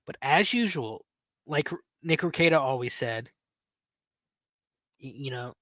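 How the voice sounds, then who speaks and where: A man in his thirties, a podcast host, telling a story in a casual, animated way, swearing and laughing as he goes. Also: medium pitch, a little slow, no echo. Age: 30s.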